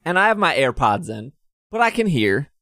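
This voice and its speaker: A man's voice: on the high side, sing-song, moderate pace, a bit bright, no room sound, clean studio sound. A man casually telling a story on a podcast, acting out the other people's lines in raised voices. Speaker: podcast co-host.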